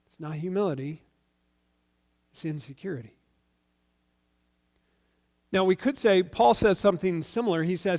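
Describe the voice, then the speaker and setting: A male pastor giving a sermon in a conversational, animated storytelling way. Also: sits high, normal speed, long pauses.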